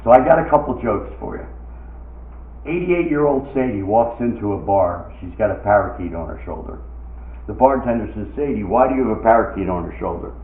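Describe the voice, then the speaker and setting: A man's voice: lowish voice, animated, brisk. A middle-aged man performing a stand-up comedy set, telling jokes in a punchy way and acting out the voices in them. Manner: punchy joke delivery, acting out quoted voices. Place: outdoor stage with live crowd. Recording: echoey lo-fi phone-like recording of a live show.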